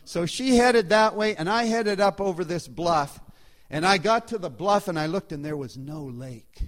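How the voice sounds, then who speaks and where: A man telling a personal anecdote to a live audience in a chatty, animated way, his loudness shifting as he goes. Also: high-pitched, normal speed. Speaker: storyteller.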